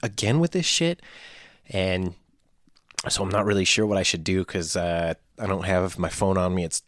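A man on a casual podcast, telling a story with animated, loud quoted outbursts and plenty of swearing. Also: sits low, moderate pace, no room sound, studio quality. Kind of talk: casual chat, acting out a story.

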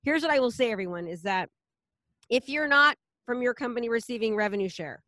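A woman's voice: on the high side, expressive, pushed and bright, no echo. A woman leading a real estate team, talking casually and enthusiastically in a promotional chat with a colleague. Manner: enthusiastic, rapid, salesy, repeats herself.

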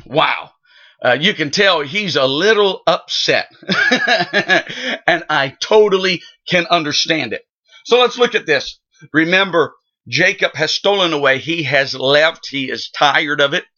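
A man teaching through the Bible verse by verse with an animated, folksy retelling. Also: on the high side, a little slow. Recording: dull lo-fi sound.

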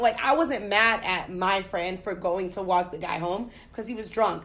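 A young woman from the United States telling a story in casual chat, profane and animated. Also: mid-range voice, moderate pace, few pauses.

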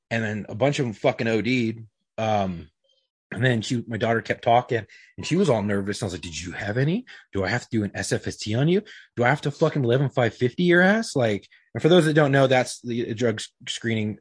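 A man's voice: medium pitch, slightly rough, no room sound. A middle-aged man telling a story in casual, rambling chat, swearing freely and leaning on fillers. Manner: profane, rambling, uses lots of fillers. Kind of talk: casual storytelling among friends.

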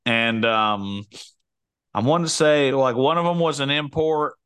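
A man's voice: mid-range voice, a little slow, a bit bright, clear, resonant tone, no room sound. A man co-hosting a podcast, chatting casually in a rambling, joking way with many restarts. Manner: rambling, self-interrupting, jokey. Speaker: podcast co-host. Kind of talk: casual chat.

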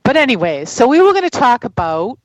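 A woman's voice: on the high side, sing-song, fairly quick, dry recording. A woman with a New England accent hosting a podcast, laughing and self-deprecating. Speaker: podcast host. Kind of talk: casual podcast chat.

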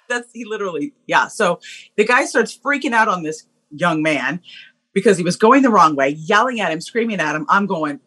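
A woman guest on a podcast, telling a personal story in an animated way, acting out voices and laughing often. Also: mid-range voice, unhurried, pauses often, husky.

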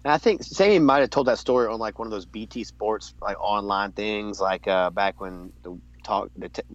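Rambling man in lo-fi wrestling chat. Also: moderate pace. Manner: rambling, restarts often, jumps into high voice to quote. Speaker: podcast co-host.

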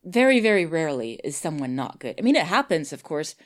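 A woman audio drama producer and voice actor in casual conversation. Her voice sits a little low, and she thinks aloud with fillers and restarts. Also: sing-song, fast talker. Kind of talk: casual chat.

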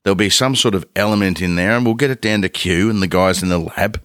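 A man's voice: low-pitched, fast, a bit bright, no echo, studio quality. A man co-hosting a podcast, chatting casually in a jokey, rambling way and laughing often. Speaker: podcast co-host. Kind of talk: casual chat.

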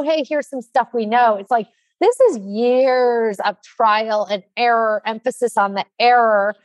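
A woman in her forties speaking as a nonprofit leader in casual podcast talk, animated and chatty with lots of fillers. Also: on the high side, no room sound. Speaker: nonprofit leader announcing trainings.

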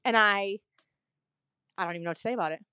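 A woman's voice: medium pitch, fast talker, pushed and bright, clear, resonant tone, no echo. A woman from a dental office telling a story to camera in a chatty, rambling way, full of fillers and emphatic asides. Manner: indignant, emphatic retelling.

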